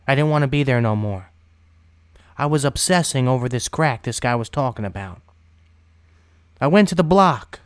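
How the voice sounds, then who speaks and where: A man's voice: on the high side, clean tone, dry recording, studio quality. A man candidly telling his own story of addiction and recovery, in a blunt, casual way with some swearing. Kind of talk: personal recovery testimony.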